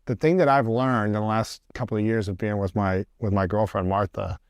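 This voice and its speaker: Male host, lowish voice, curious and affirming interviewer, dry close mic. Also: steady tone, a little fast, smooth, dry recording. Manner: curious, affirming, asks probing follow-ups. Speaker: podcast host. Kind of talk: interview conversation.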